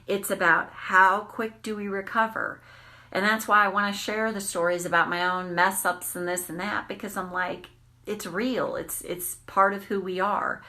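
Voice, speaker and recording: A woman coaching on tapping, telling candid, animated stories and swearing freely. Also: medium pitch, moderate pace. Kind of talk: casual storytelling monologue.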